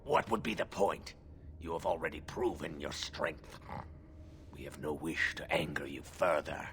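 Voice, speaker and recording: An actor playing a solemn, guarded male werewolf gatekeeper in a video game, speaking formally in a gravelly whispered snarl. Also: rumbling low, a bit bright, slight background noise, heavily acted. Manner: formal, measured speech.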